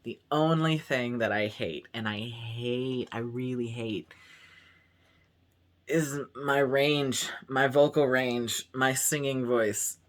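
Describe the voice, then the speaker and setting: A man's voice: medium pitch, fairly even intonation, slow, fairly bright tone. A young trans man in a casual vlog monologue, rambling and candid as he talks openly about his body. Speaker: vlogger.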